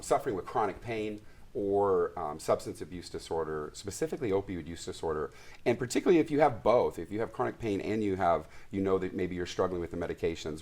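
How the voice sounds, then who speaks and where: A man's voice: low-pitched, animated, a little fast, darkish tone. A man, a physician guest on a morning show, speaking earnestly and steadily with some fillers. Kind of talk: interview.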